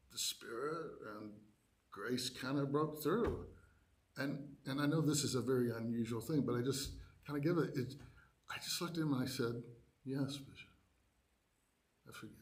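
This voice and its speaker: Speaking to a church's adult education class, a man shares a story from his own life in a medium-pitched voice, dramatizing how he reacted through animated quoted asides.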